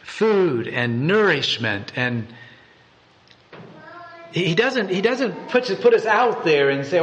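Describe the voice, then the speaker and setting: A man's voice: sits high, sing-song, takes it slowly, pauses often, highs cut off, a little hiss or hum. A man giving a devotional meditation and reading scripture aloud in an earnest way, often repeating and restarting words. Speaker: preacher.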